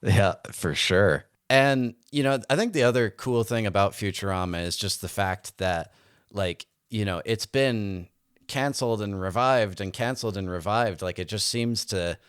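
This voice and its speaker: A man's voice: lowish voice, moderate pace, fairly bright tone, clean tone, no echo, clean studio sound. A man hosting a casual interview, asking earnest, hesitant questions. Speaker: podcast host.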